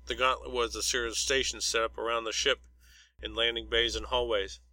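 A man reading a story aloud as narrator, in an even, unhurried storytelling way. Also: mid-range voice, dry recording, low-quality recording. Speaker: audiobook narrator. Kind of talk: scripted narration.

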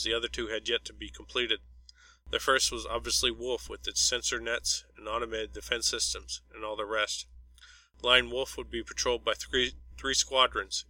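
A man reading a story aloud as narrator, in an even, unhurried storytelling way. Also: mid-range voice, dry recording, low-quality recording. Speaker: audiobook narrator. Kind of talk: scripted narration.

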